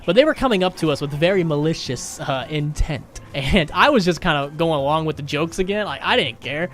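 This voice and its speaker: A man's voice: on the high side, lively intonation, fast, few pauses, a bit bright. A young man, a gaming YouTuber, rambling through a funny self-mocking story over gameplay.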